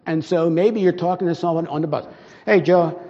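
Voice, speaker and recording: A man's voice: on the high side, steady tone, quick pace. An older man preaching an informal, rambling sermon, talking conversationally and acting out little dialogues. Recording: dull sound with long hall reverb.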